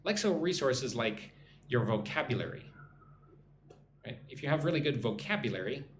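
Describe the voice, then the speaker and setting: A man teaching an English lesson on a live stream, talking slowly and checking in with "right?" after his points. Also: mid-range voice, big pitch swings, a little hiss or hum. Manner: slow, repeats points with frequent "right?". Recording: echoey room, faint ambience.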